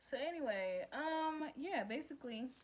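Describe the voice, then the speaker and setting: A woman's voice: high-pitched, lively intonation, normal speed, a little hiss or hum, poor audio. A woman vlogger talking casually to camera, giving advice in a chatty, emphatic way and calling the viewer girl and babe. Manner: glances down at written notes.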